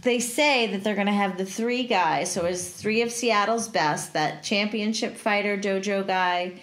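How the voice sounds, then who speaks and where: A woman's voice: mid-range voice, a little slow, a bit bright. A woman co-hosting a podcast, chatty in casual movie-review talk, retelling the plot with giggles. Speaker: podcast co-host.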